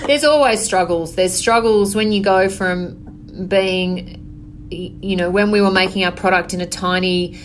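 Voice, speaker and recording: A woman, a business owner answering interview questions in an earnest, measured way, often saying "you know". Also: medium pitch, slight background noise.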